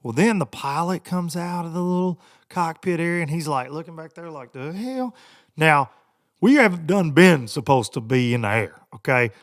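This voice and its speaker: A man's voice: a little high, normal speed. Rambling man telling a story. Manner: rambling, animated, laughs often, loud mocking impressions. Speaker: podcast host. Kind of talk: casual storytelling monologue.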